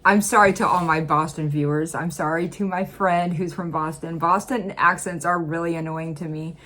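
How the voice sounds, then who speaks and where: A woman's voice: steady tone, normal speed, a bit bright. Chatty woman vlogger from Illinois. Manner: chatty, laughs often, pitch jumps up when emphatic. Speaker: reaction vlogger. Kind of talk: casual reaction commentary.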